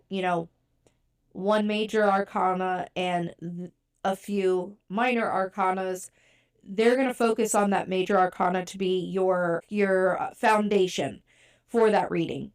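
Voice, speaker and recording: A woman's voice: mid-range voice, steady tone, unhurried, clean tone. A woman hosting a podcast, talking casually and chattily with a stuffy, congested nose. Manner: chatty, conversational, many fillers. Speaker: podcast host. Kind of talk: casual podcast talk about tarot.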